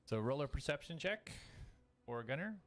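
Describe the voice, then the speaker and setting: A man's voice: mid-range voice, big pitch swings, moderate pace, a bit bright. A man acting as game master and live-stream host, chatting casually and laughing often as he greets viewers.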